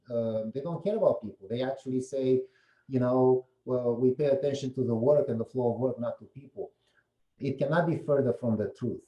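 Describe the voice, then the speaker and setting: A man's voice: fairly low pitch, dark tone, roomy sound, low-quality recording. A man giving a meetup presentation, explaining slides one by one and putting questions to the audience. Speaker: guest presenter.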